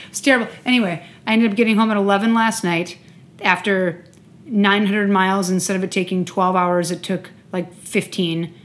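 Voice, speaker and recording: A woman's voice: medium pitch, steady tone, moderate pace. A woman in casual conversation over a glass of wine, talking in a loose, rambling way. She peppers her speech with "like" and the odd swear word, and keeps the tone easygoing. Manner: chatty, heavy use of "like", swears casually. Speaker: podcast co-host.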